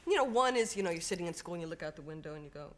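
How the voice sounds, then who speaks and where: Young american actress on a tv chat show, giggly, tells stories all animated. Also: female voice, on the low side, rapid-fire. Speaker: film actress guest. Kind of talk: studio chat show interview. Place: television studio.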